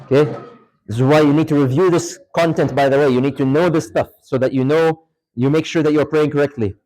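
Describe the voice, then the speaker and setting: A man's voice: fairly high pitch, steady tone, brisk, a little mellow, low-quality recording. A man teaching an interactive religious studies class in a mosque, quizzing students and repeating key points for emphasis. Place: mosque lecture hall.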